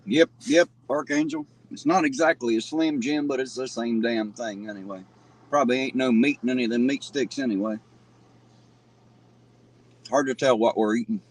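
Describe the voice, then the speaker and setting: A man's voice: mid-range voice, steady tone, moderate pace, poor audio. A man hosting a live stream, joking casually with viewers and greeting them by name while he eats. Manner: eats and talks between bites. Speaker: livestream host.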